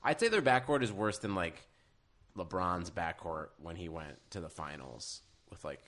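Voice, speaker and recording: A man's voice: sits low, expressive, moderate pace, fairly bright tone. A man co-hosting a podcast in casual sports chat, rambling through lists of players and draft picks. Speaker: podcast co-host.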